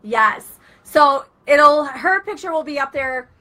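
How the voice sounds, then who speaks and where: A woman's voice: high voice, takes it slowly. A woman hosting an online talk radio show, chatting casually and acting out little stories with quoted voices. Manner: chatty, animated storytelling with acted-out quotes.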